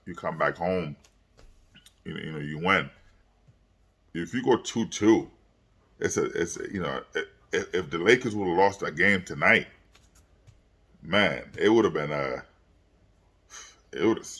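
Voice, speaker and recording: A man reacting to a basketball game in a casual, rambling way, repeating words and using many fillers, growing louder when worked up. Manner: gets loud and high when worked up. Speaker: basketball commentator.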